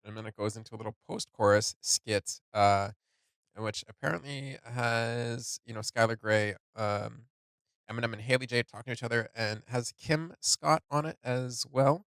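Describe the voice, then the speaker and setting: A tearful man hosting a song reaction, talking in a halting, emotional way as he comments on what he hears. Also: medium pitch, fairly even intonation, a bit bright, dry recording. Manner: halting, emotional, thinking aloud. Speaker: music reaction host.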